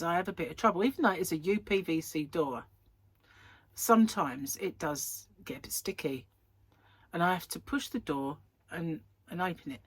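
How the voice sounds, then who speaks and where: A woman's voice: on the low side, breathy edge, no room sound. A woman talking in a rambling, chatty way, laughing often and acting out the things she and others said. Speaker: host of a crochet chat channel. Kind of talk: casual chat.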